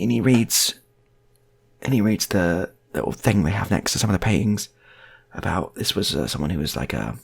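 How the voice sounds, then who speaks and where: Give me a laid-back man rambling through a comic story, with a lively pitch. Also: vocal fry, slightly rough.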